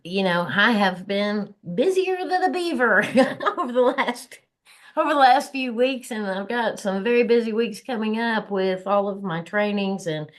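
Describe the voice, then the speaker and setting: A woman with a Southern accent co-hosts a motivational podcast, chatting casually in a folksy manner and laughing often. Her medium-pitched voice is animated, yet she never hurries.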